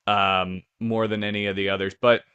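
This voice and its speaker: A man's voice: lowish voice, level tone, moderate pace, bright, forceful tone, clean tone, lo-fi sound. A man co-hosting a podcast in easygoing, jokey casual chat, with plenty of ums. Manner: easygoing, jokey, filler-heavy. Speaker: podcast co-host.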